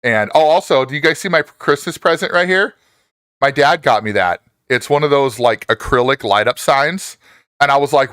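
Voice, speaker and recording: A man in his forties casually chatting with viewers on a live stream, reading their messages, laughing often and jumping up in pitch when excited. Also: normal speed, clean tone, dry recording, clean studio sound.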